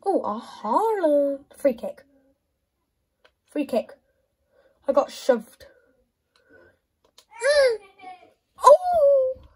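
A woman giving excitable commentary while playing a football video game, often shouting and squealing at the match. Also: high voice, drawn-out words, long pauses, rough recording. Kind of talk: gaming commentary.

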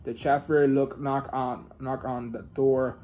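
A man's voice: medium pitch, flat delivery, dark tone, low-quality recording. A man reading a children's book aloud, stumbling and restarting words as he goes. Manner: halting, with frequent restarts and self-corrections. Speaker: reader.

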